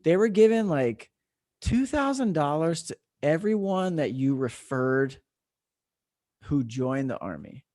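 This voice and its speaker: A man's voice: fairly high pitch, big pitch swings, measured pace, darkish tone, dry recording, studio quality. An American man in his thirties, an army veteran hosting a casual podcast chat, telling stories animatedly and swearing freely. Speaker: podcast host; army veteran, former drill sergeant.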